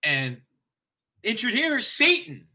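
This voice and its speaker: Guy w a bright forceful voice, swears a lot, laughs while telling a story. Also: high-pitched, slow pace. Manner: profane, laughing, energetic storyteller. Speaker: stage actor, guest. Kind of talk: casual storytelling in a conversation.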